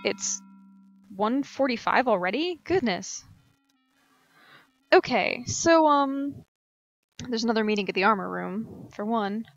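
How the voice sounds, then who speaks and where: A woman's voice: a little high, lively intonation, a little slow, creaky, long pauses, dry recording, dull audio, soft background music. A woman streaming a game, giving chatty, rambling let's play commentary.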